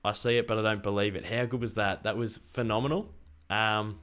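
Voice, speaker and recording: A young Australian man chatting excitedly on a live stream and reading out viewer messages. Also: fairly low pitch, a little fast, smooth. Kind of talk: casual live stream chat.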